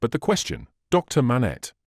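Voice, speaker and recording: Casting: male reader voicing a fussy, blunt Englishwoman companion, lively and dry-sounding. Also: mid-range voice, normal speed, husky, no echo, full character voice. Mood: brisk.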